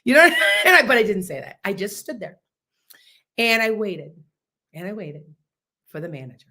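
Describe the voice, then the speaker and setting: A woman, hosting a podcast livestream and chatting casually as a loud, boisterous storyteller. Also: medium pitch, big pitch swings, normal speed. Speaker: podcast host.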